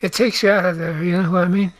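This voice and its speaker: An older man answering interview questions in short, halting, soft-spoken replies. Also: sits high, steady tone, no room sound.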